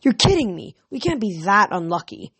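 A reader voicing a commanding teenage girl leader who speaks firmly and briskly. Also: mid-range voice, sing-song, fairly bright tone, slightly rough, exaggerated voice. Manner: firm, brisk, snapping. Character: sharp-minded teen girl camp leader, commanding. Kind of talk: audiobook reading.

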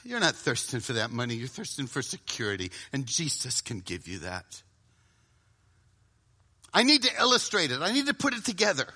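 A middle-aged man preaching a sermon to a live audience, dramatic, often dropping to a hushed voice for emphasis and acting out inner voices. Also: medium pitch, huge pitch swings, moderate pace, breathy edge.

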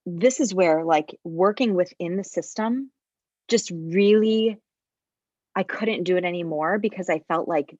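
A woman's voice: lowish voice, measured pace, no echo, highs cut off. A woman who worked as a labor nurse, telling stories in a casual podcast chat and often restarting her sentences. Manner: storytelling, restarts and repeats words, animated when quoting.

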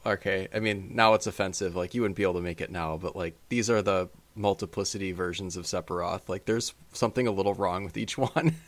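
A podcast guest with a very deep voice who chimes in with short, dry, laid-back remarks during a casual film chat. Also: male voice, quick pace, few pauses, no echo. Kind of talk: casual movie review chat.

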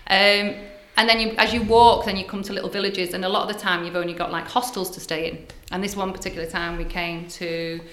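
Older woman healer with a bright voice. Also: mid-range voice, a little fast, few pauses. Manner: animated, breathy storyteller, drops to hushed asides. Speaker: spiritual healer, guest. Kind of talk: casual storytelling interview. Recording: echoey room.

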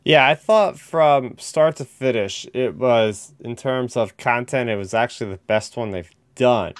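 A man's voice: mid-range voice, unhurried, clear, resonant tone, no room sound, clean studio sound. A man co-hosting a podcast, chatting casually and enthusiastically. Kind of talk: casual chat.

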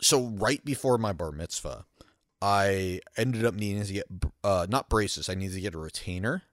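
A man's voice: lowish voice, lively intonation, moderate pace, no room sound, studio quality. A young man in casual chat, telling anecdotes in a laid-back way and chuckling mid-sentence.

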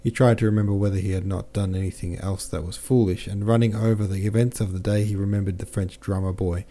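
A man narrating a classic novel as an audiobook in a steady, measured reading. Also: lowish voice. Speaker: audiobook narrator and podcast host.

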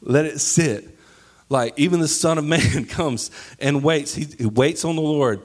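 A man in his thirties preaching a sermon, animated, sometimes breaking into high yelling as he acts out stories. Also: a little slow. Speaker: pastor.

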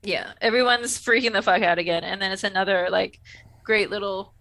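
Bright-voiced woman chatting casually. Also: medium pitch, a little fast, poor audio. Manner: rambling, swears freely, laughs often. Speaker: podcast co-host. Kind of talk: casual chat about a TV episode.

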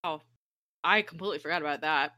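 Animated young woman, bright and dry. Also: low-pitched, no room sound. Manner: animated, swears freely, acts out characters' lines in quick voices. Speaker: podcast co-host recapping a TV episode. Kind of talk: casual chat.

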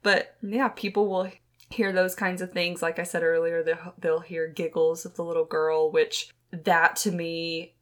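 A young woman co-hosts a podcast, speaking close to the mic as she rambles through ghost stories in a chatty, filler-heavy way. Her voice is fairly low and fairly bright, with little pitch movement and an unhurried pace. It's casual storytelling chat.

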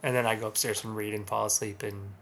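A man's voice: fairly low pitch, level tone, quick pace, fairly bright tone. A man in his thirties chatting on a casual podcast. He tells jokes and anecdotes with a laugh, and sometimes puts on comic voices for the punchlines. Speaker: podcast co-host. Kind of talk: casual chat.

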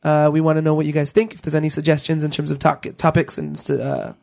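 Gravelly, hoarse man wrapping up a podcast. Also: fairly high pitch, monotone, fast talker, darkish tone. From Canada. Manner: rambling, laughs often, wraps up the show. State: hoarse, losing his voice. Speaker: podcast co-host. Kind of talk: casual podcast chat.

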